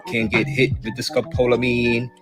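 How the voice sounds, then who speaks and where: A man narrating a short warning story in a slow, deliberate way. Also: mid-range voice, monotone. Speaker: clip narrator. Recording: narration over loud music.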